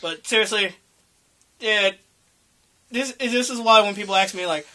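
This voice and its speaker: A young man co-hosting a casual chat, rambling and swearing, bursting into loud excited rants. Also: high-pitched, measured pace, long pauses. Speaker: podcast co-host.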